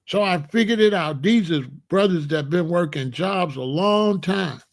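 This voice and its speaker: A man's voice: sits high, a little slow, vocal fry. A middle-aged man from the United States talking in a blunt, emphatic casual monologue, often repeating himself. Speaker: commentary channel host.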